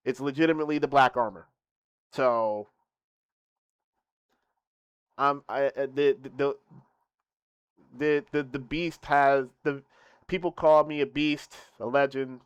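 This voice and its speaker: A young man streaming casually to his viewers, boasting playfully, laughing, then thanking them softly. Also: mid-range voice, steady tone, unhurried, smooth, no echo.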